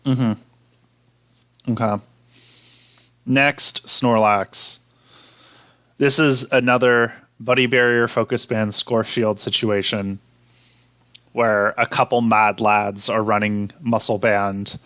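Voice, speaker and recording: A man's voice: lowish voice, fairly even intonation, slow pace, pauses often, fairly bright tone, no room sound. A man hosting a casual chat, going through poll results in an easygoing way with fillers and small laughs. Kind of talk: casual chat about game data.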